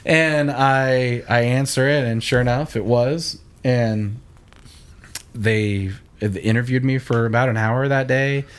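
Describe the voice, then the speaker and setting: A man's voice: takes it slowly, clear, resonant tone. A young adult man, a church audio engineer, telling stories in a casual interview and acting out quoted lines in a raised voice. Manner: animated, acts out quoted voices with a higher pitch.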